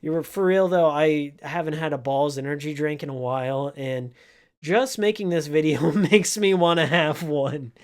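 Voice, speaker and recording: A man with a fairly high, smooth voice tells a heartfelt story from his old game store job in a casual vlog. His delivery is slow, earnest, and emotional.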